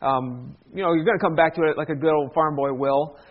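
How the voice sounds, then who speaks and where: High-voiced joking pastor. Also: male voice, fairly quick. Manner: joking, conversational storyteller. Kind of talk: sermon with humor. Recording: dull lo-fi sound.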